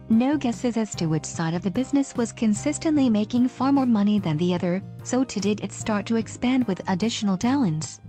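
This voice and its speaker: Woman reading a script, mellow dark tone, soft music under her. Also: medium pitch. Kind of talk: scripted narration. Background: faint music.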